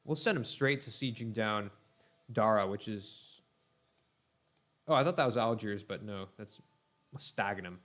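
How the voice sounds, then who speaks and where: A young man casually commentating his own strategy game playthrough for viewers, chatty and laid-back, talking to them as ladies and gentlemen. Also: on the low side, measured pace, pauses often. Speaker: let's play host.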